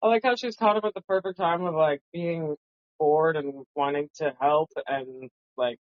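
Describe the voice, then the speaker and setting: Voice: medium pitch, fairly even intonation, moderate pace. A co-host on a casual book chat podcast who laughs often and talks things through. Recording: dull lo-fi home podcast audio.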